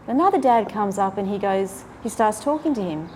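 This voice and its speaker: A woman earnestly retelling a faith story and reflecting on its meaning, with an animated, heartfelt delivery. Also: medium pitch, brisk, a little hiss or hum. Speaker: faith speaker.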